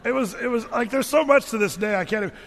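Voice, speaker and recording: A man's voice: very high voice, quick pace, fairly bright tone, in a large hall, a little hiss or hum. A middle-aged man telling a humorous personal story to an audience, in a loose, rambling way that often restarts its sentences. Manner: loose, rambling, self-correcting.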